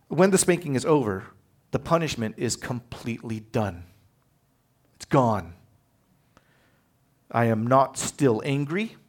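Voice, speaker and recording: Guy pastor preaching, chatty and animated, does little voices for quotes, medium pitch. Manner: animated storytelling, acts out quotes. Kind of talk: sermon.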